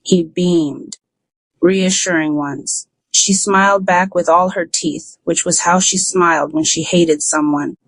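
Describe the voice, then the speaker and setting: An audiobook narrator who tells a first-person story in an even, unhurried way. The voice sits in a middle register and is recorded close and dry, with no trace of the room. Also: mid-range voice, no room sound, poor audio.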